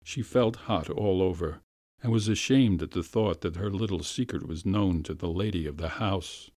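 A man narrating a classic story with a measured, expressive reading. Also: deep voice, dry recording, studio quality.

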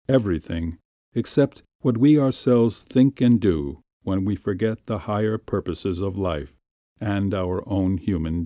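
A man calmly narrating a classic story in a measured, unhurried way. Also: lowish voice, no room sound. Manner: calm, measured, unhurried reading.

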